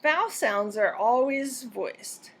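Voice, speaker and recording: A woman narrating a scripted pronunciation lesson in a clear, deliberate and measured way. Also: fairly high pitch, expressive. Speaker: pronunciation teacher.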